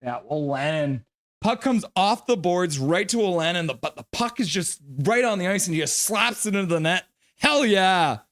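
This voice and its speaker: A man with a high-pitched voice hosts a live hockey reaction stream, calling plays and reading viewer messages aloud in an excitable rush. The sound is dry and close, with no room around it. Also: moderate pace, no room sound. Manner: excitable play-by-play, reads chat aloud.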